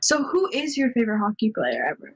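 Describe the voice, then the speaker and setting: Woman, young adult, higher voice, upbeat, playful interviewer. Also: very animated, brisk, husky, lo-fi sound. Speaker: interviewer, camp staff. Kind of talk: casual interview.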